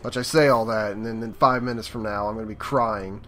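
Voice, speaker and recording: A man hosting a let's play, giving casual gameplay commentary and swearing loudly at setbacks. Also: on the low side, fairly even intonation, fairly quick.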